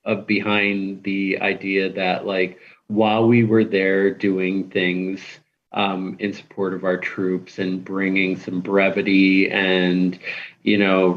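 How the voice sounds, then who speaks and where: A middle-aged man speaks as a podcast guest and rambles, stumbling and restarting his sentences. His pitch sits mid-range. The audio is dull and lo-fi. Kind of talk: casual chat.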